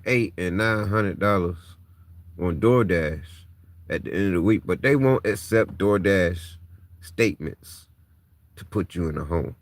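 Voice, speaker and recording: Recorded dry, this thirties-aged male vlogger speaks with a fairly low pitch. Swearing throughout, he unloads his frustration and distress on camera, sounding emotionally drained and near tears.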